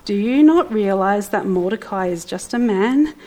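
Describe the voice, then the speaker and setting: A woman voicing a wise, blunt wife who gives firm, calm advice. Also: medium pitch, normal speed, lightly acted. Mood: stern.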